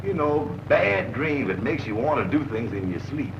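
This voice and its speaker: An actor playing a deadpan former barber who sleepwalks with a razor, speaking in a slow, dry drawl in 1940s film comedy style. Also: male voice, medium pitch, vocal fry. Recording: dull old film soundtrack with hiss.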